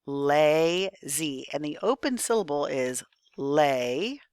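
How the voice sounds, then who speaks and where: Low-voiced woman teaching spelling. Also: animated, measured pace, fairly bright tone, dry recording, clean studio sound. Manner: patient, thinks aloud, checks in with students. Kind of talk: recorded spelling lesson.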